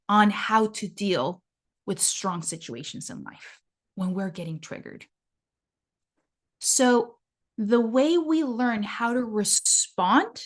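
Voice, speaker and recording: Slow-talking Mexican-accented woman. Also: medium pitch. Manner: earnest, reflective, often adds "right?". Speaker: relationship coach. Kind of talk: explanatory interview talk.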